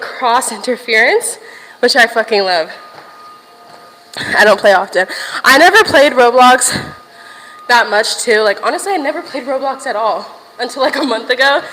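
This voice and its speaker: A woman's voice: on the high side, sharp tone, big-room sound, slight background noise, rough recording. A young woman livestreaming from a gym while walking on a stair machine, chatting casually to viewers, a little out of breath and swearing now and then.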